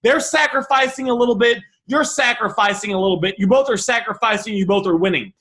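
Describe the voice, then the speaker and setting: Bright, high-voiced man coaching negotiation. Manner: animated, quick restarts and repeated phrases, thinking aloud. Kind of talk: teaching, walking through message examples.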